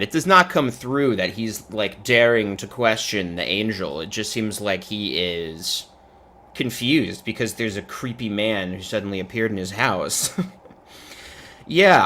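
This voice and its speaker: Sarcastic male commentary host, lower voice, casual and joking, laughing often. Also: a bit bright, a little hiss or hum.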